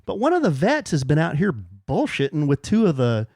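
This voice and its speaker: Animated man telling a story on a podcast. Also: brisk, no echo, studio quality. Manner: animated, jumps high when quoting people. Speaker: podcast co-host. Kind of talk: casual storytelling chat.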